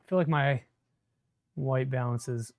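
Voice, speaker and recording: A man's voice: mid-range voice, fairly even intonation, measured pace, a little mellow, no room sound, clean studio sound. A man chatting casually on a live stream while he assembles a 3D printer, answering viewer comments as he works. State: a bit shaky from caffeine.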